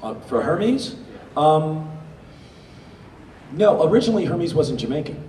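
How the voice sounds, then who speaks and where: A man tells stories on a convention stage, and his pitch rises and falls constantly as he goes. The sound comes from far back in a large, echoey hall with a faint hiss of crowd noise underneath. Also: a little slow. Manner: lively storyteller, slips into character voices. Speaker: convention panel guest, voice actor. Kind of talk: animated anecdote telling to an audience.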